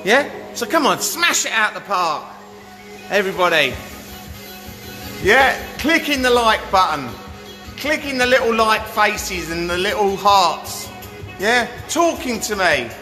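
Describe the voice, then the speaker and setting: A man hosting a hot tub giveaway livestream, hyping up his viewers with a pushy sales pitch and constantly asking "yeah?". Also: expressive, measured pace, sharp tone. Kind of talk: live-stream sales pitch. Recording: echoey room with music behind.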